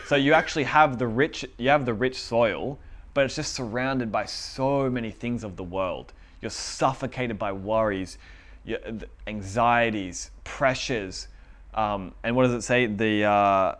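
A man preaching a sermon in a relaxed, conversational way, often repeating phrases and laughing between points, and growing louder when he urges his listeners. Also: medium pitch.

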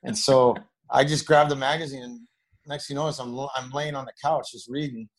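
A man's voice: medium pitch, fairly quick, poor audio. A middle-aged man, a former hockey player, telling locker-room stories in a casual, rambling way, livening up when he quotes teammates. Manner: rambling, animated when quoting others. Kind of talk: casual storytelling.

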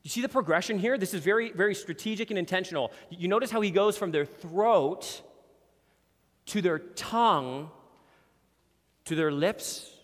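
High-voiced man preaching in a reverberant hall. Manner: earnest preaching, reads scripture slowly with emphasis. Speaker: pastor. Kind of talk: sermon. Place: church hall with a screen.

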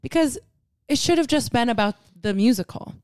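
A woman's voice: fairly high pitch, lively intonation, normal speed, a little mellow. A young woman co-hosting a casual movie podcast, rambling and laughing as she retells scenes. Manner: giggly, rambling retelling with silly voices. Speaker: podcast co-host.

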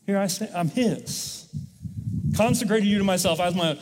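A man's voice: high voice, expressive, normal speed, in a large hall. A male pastor preaching a sermon in a church, leading the congregation in call-and-response. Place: church sanctuary.

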